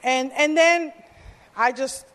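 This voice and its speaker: A woman preaches slowly and earnestly in a high voice, telling a personal story with the odd self-deprecating aside. Her voice carries a long hall reverb, as in a large church. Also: fairly bright tone.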